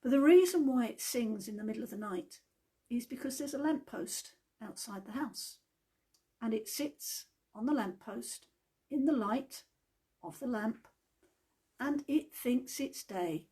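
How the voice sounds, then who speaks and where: A woman giving a gentle devotional talk in an unhurried, chatty storytelling manner. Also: a little high, slightly rough.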